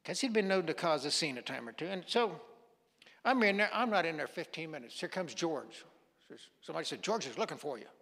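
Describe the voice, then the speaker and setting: A man's voice: fairly high pitch, animated, fairly quick, gravelly, a bit bright. A man preaching as a guest pastor, telling a story in a folksy way and acting out the dialogue. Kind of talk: sermon storytelling. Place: church sanctuary. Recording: long hall reverb.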